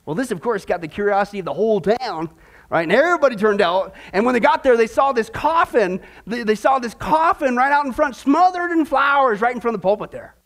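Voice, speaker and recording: Male preacher, very high voice, emphatic and animated delivery. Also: a little fast. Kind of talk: sermon.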